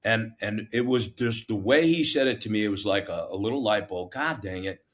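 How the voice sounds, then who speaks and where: Low-voiced man telling a story. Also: fairly quick. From United States. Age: middle-aged. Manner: animated, self-mocking, plain-spoken with many restarts. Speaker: fire captain, guest. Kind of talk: casual interview storytelling.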